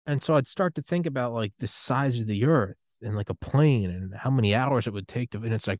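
A young man hosting a podcast, giving a rambling, excitable solo rant full of swearing and trailing restarts. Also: fairly low pitch, fairly quick, dry recording, studio quality. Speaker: podcast host.

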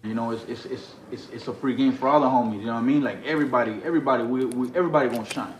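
A man's voice: medium pitch, rapid-fire. Laid-back, rambling man in a played clip, echoey room, faint background noise. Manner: rambling, repeats words, laid-back slang. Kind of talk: casual talk in a clip.

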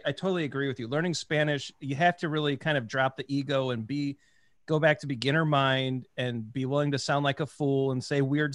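A man's voice: medium pitch, no echo. A man hosting a podcast interview, enthusiastic and rambling, restarting his sentences as he thinks aloud. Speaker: podcast host. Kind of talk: casual interview.

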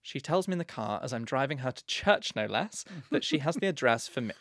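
A man's voice: mid-range voice, expressive, a little fast, a bit bright, no echo, studio quality. A young man co-hosting a podcast, reading listener letters in a camp, playful way. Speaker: podcast co-host.

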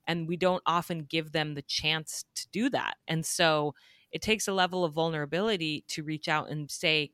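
A podcast host responds to a guest in an affirming, conversational way. The voice is mid-pitched and very bright. It is recorded close and dry, with no room echo. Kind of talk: conversational interview.

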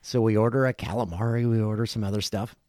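A man in his forties, a podcast host telling a story casually, animated and profane. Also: fairly low pitch, fast, no echo, clean studio sound. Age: 40s.

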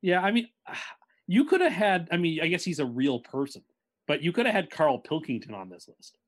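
Casting: mid-pitched male co-host, measured and mildly contrarian, lively pitch movement. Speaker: podcast co-host. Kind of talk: casual chat.

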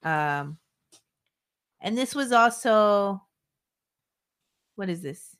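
A woman's voice: medium pitch, lively intonation, extremely slow, fairly bright tone, clean tone. A woman co-hosting a true-crime podcast, reading her notes with chatty asides. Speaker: podcast co-host narrating a case.

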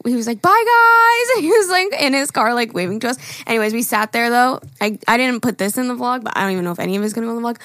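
A woman's voice: mid-range voice, fairly bright tone, no echo. Chatty young woman podcast host, dry sound. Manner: chatty storytelling, laughs often, swears casually. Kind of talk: casual chat.

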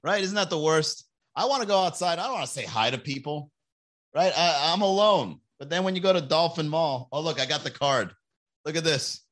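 A man's voice: on the high side, animated, fairly bright tone. Joking rambling young man podcasting. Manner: joking, rambling, acts out others in quick put-on voices. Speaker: podcast host. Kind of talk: casual livestream podcast chat.

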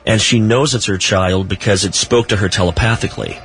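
A man who writes about the paranormal, talking as a guest in a casual radio interview, telling stories slowly with small laughs. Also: lowish voice, fairly bright tone, slight background noise. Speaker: paranormal author and researcher, guest.

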